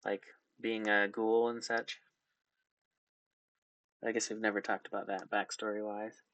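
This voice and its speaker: Low-voiced man hesitantly running a game. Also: flat delivery, unhurried, fairly bright tone. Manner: hesitant, lots of ums and restarts. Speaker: game master. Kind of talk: narrating a tabletop game.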